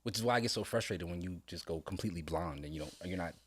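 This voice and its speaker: A middle-aged man talking earnestly with his son on a casual podcast, heartfelt and sometimes breaking into loud laughing storytelling. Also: sits low, quick pace, husky. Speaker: podcast co-host, father. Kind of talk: casual father-son conversation.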